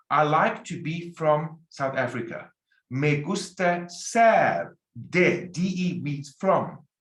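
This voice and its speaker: A man teaching a Spanish lecture, drilling example sentences slowly and emphatically. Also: on the high side, a bit bright. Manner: slow, emphatic drilling with repeated example phrases. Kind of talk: recorded language lecture. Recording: echoey room.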